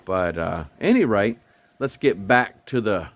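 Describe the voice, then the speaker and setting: A man's voice: fairly low pitch, animated, measured pace, no room sound. An older man rambling through a casual travel vlog outdoors, with many ums and restarts. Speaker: RV travel vlogger. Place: outdoors at a state park campground. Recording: faint outdoor background noise.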